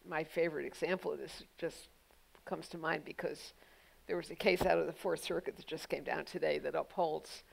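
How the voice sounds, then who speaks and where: Gravelly low-voiced woman speaker. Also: rough recording. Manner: thoughtful, pointed, frequent "you know" fillers. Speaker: guest speaker, legal journalist. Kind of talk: public onstage conversation answering audience questions.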